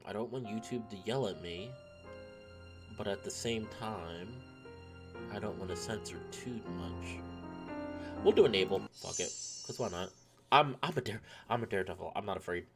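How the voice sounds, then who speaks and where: A man's voice: fairly low pitch, moderate pace, pauses often. A man chatting casually as he streams a visual novel, rambling and self-deprecating over game music. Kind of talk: casual gaming commentary.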